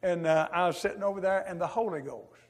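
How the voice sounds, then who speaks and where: A man giving a testimony sermon in a folksy drawl, swinging from loud to hushed and dropping in "amen" asides. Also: high voice, fast. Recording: echoey hall.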